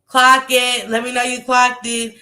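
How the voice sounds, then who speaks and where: Woman caller, slow drawl, bright higher voice, animated storyteller. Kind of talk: casual storytelling on a call.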